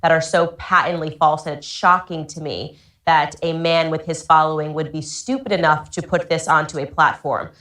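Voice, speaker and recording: A woman's voice: deep voice, fairly even intonation, normal speed, a bit bright. A woman political commentator addressing her audience in a firm, pointed, indignant tone. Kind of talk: scripted online commentary. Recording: roomy echo.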